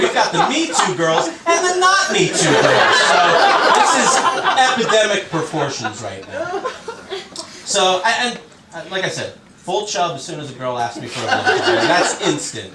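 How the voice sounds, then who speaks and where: A man's voice: sits high, wildly swooping pitch, normal speed, far from the mic, a loud crowd. A man doing a stand-up comedy set on a club stage, telling stories conversationally and acting out the people he quotes. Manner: conversational storytelling, acts out quotes. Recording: roomy club sound from off-mic. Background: audience laughter.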